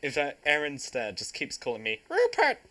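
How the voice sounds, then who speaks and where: Young guy joking around on a podcast, bright bouncy voice, laughs a lot. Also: on the high side, wildly swooping pitch, moderate pace. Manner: jokey, teasing, laughs often. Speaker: podcast host. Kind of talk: casual podcast chat.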